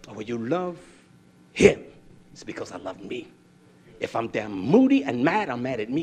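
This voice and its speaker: An older man preaching a sermon, scolding and fiery, swinging from low mutters to loud outbursts. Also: very animated, normal speed, pauses often, husky.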